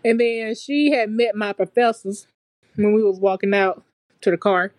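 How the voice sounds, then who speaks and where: A young adult woman telling a story in a relaxed, chatty way, as a podcast guest. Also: mid-range voice, normal speed, no echo. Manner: relaxed, chatty and colloquial, with frequent fillers. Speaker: podcast guest, nursing graduate. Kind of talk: casual storytelling chat.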